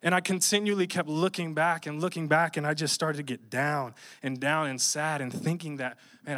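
A young man preaching, telling a funny personal story in an animated, jokey way. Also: fairly high pitch. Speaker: pastor. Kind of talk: storytelling sermon.

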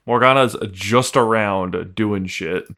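A man's voice: on the low side, slow pace, a bit bright. A man co-hosting a podcast in casual chat, rambling and swearing with many restarts. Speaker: podcast co-host.

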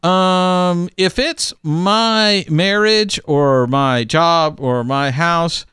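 A man's voice: a little high, extremely slow, a bit bright, clear, resonant tone, dry recording, studio quality. A man co-hosting a podcast, giving emphatic advice in casual chat, with frequent restarts and fillers.

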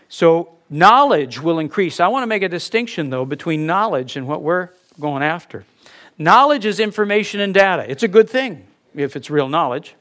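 A man's voice: fairly high pitch, fairly bright tone. A middle-aged man preaching a sermon in a conversational manner, telling anecdotes and chuckling at his own stories. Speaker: pastor.

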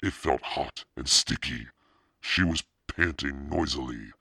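A man voicing Satan as a demonic podcast narrator, reading a spooky children's story in a slow, menacing drawl with a husky, gravelly voice. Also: pushed and bright, no room sound, studio quality, full character voice. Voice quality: extremely deep, gravelly and husky. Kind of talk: scripted narration.

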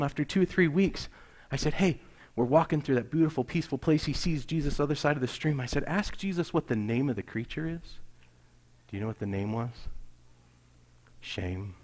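Middle-aged male pastor, animated storyteller with a slightly higher voice, sometimes drops to a near-whisper. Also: fast. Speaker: pastor serving missionaries. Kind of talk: sermon storytelling.

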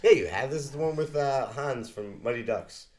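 A man's voice: medium pitch, expressive, normal speed, darkish tone. A man co-hosting a podcast in casual movie chat, rambling and hesitant with many fillers. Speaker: podcast co-host.

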